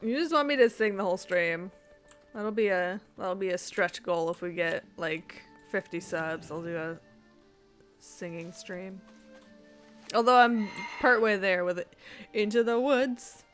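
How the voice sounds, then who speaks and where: A woman's voice: on the low side, unhurried, fairly bright tone, faint music behind. A woman streaming a game, chatting casually with viewers in a rambling, giggly way. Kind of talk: casual live-stream chat.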